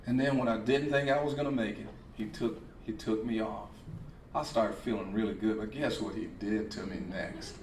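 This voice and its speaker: A man voicing a hushed, gentle talking teapot. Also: on the low side, steady tone, normal speed, a little hiss or hum, pitched below the performer's own voice, lightly acted. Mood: pained. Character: a gentle talking teapot that speaks like an older mother. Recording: echoey hall, speaker far from mic.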